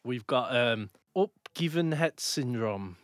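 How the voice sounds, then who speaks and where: A man's voice: medium pitch, expressive, slow pace, no echo, studio quality. A man in a casual podcast chat, ranting, swearing and laughing a lot.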